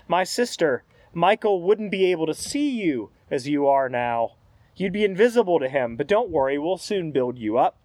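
A man reading aloud as the calm spirit of a redeemed man, patient and earnest. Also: a little high, normal speed, no room sound. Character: calm redeemed man's spirit, gently correcting. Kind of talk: read-aloud scene in a sermon.

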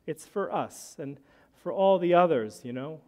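A man's voice: a little high, expressive, unhurried, darkish tone. Guy preaching in a church, chatty storyteller vibe, long echo off the hall. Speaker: pastor. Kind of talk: sermon.

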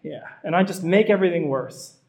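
Conversational preacher with a higher voice. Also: male voice, expressive, a little fast, creaky, darkish tone. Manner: conversational preaching, rising to emphatic repetition. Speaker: pastor. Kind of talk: sermon.

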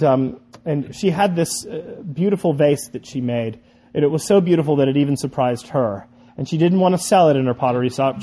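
Warm, animated male pastor preaching. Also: a little high, husky. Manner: animated, voicing the vase's complaints with rising force. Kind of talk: sermon with a read-aloud story.

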